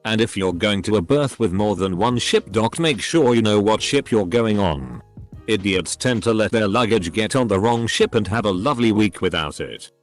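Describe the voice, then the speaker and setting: Male narrator with a lowish, animated read, faint music underneath; steady scripted delivery of online posts. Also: normal speed. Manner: even, steady reading, voices symbols and emoticons literally. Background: faint background music.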